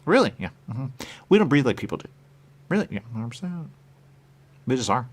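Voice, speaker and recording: A man hosting a radio show, talking in a rambling, repetitive monologue with muttered asides and sudden loud bursts. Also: mid-range voice, very animated, fairly quick. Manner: repetitive, playful, muttering asides, wide swings in loudness. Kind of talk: rambling stream-of-consciousness monologue.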